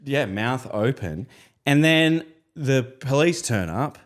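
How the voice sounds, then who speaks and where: A man in his thirties, a podcast co-host from Australia, telling a long story in casual chat and jumping into high voices when he quotes people. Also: lively intonation, slow pace.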